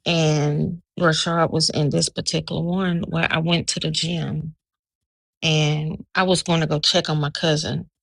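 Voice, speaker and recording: A woman with a low, gravelly voice tells a dream to friends on a live video call, acting out each person's lines as she goes. Her voice is pitched low with plenty of fry. The sound is close and dry. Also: measured pace, no echo. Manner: animated storyteller, acting out quoted dialogue. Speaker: live stream guest telling a dream. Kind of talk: casual storytelling chat.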